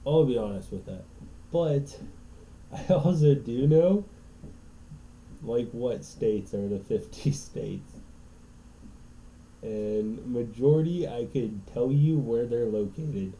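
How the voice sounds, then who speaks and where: Mellow-voiced man telling rambling stories. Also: mid-range voice, slow, pauses often, poor audio. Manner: rambling storyteller, frequent "right?" tags. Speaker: podcast co-host. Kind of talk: casual chat.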